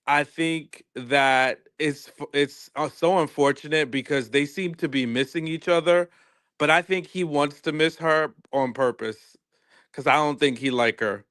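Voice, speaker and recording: A man's voice: medium pitch, a bit bright, clear, resonant tone, no echo, clean studio sound. A man joining a casual reality-show review panel, laid-back and joking, laughing at his own lines.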